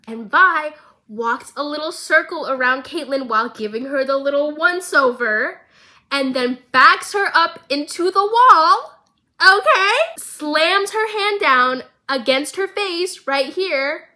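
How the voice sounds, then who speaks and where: Excitable rambling young woman vlogger. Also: sits high, slow, low-quality recording. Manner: excitable, rambling, swears freely. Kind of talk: casual recap of a TV show.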